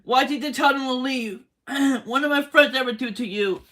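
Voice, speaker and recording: Brief: woman, tearful livestreamer, high bright voice, pleading and repeating herself. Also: moderate pace. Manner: pleading, repetitive questioning. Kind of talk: emotional livestream rant. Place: motel room.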